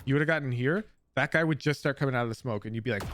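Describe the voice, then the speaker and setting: A man's voice: mid-range voice, animated, rapid-fire, few pauses, fairly bright tone. A man coaching a player through a gameplay review, emphatic and blunt, repeating his key points. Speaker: game coach.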